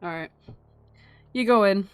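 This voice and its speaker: A woman's voice: medium pitch, measured pace, clear, resonant tone. Woman game master, rambling scene narration, lots of fillers, faint music behind. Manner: rambling, full of fillers, animated.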